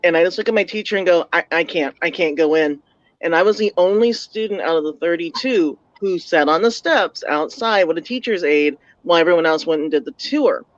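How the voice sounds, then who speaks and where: A woman's voice: lowish voice, brisk, no echo. A woman in her forties from the San Diego area, telling a ghost story earnestly in casual chat. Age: 40s. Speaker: paranormal talk show panelist. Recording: dull, dry lo-fi audio.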